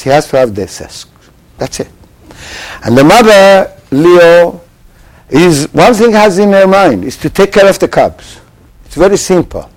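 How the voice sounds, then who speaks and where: A man teaching a Torah lesson to a live class. He quizzes his listeners with rhetorical questions and swings between loud emphasis and hushed asides. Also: high-pitched, poor audio. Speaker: religious teacher.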